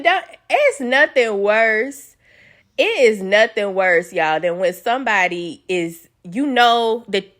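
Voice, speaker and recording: A woman recapping a reality show in a casual, blunt, animated way, swearing freely and acting out quotes. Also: on the high side. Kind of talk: casual chat.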